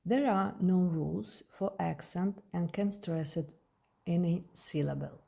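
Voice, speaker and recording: A woman with a Russian accent walks beginners through a lesson at a very slow, deliberate pace. Her voice is low and dark with a gravelly, creaky edge. She repeats each word patiently so learners can follow. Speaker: language teacher.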